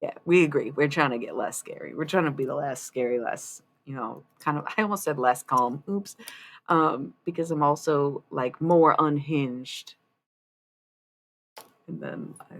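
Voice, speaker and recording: A woman chats loosely on a live stream, rambling and swearing as her volume swings from loud to hushed. Her voice sits low with a gravelly edge. A faint hiss runs under the recording. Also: normal speed. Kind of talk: casual live-stream chat.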